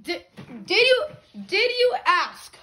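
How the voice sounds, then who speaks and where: A woman's voice: very high-pitched, expressive, slow, bright, forceful tone, heavily acted. A woman playing a flustered schoolteacher in a comedy skit, stammering, repeating herself and pleading with the class to settle down. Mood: exasperated. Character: flustered female schoolteacher trying to control a class.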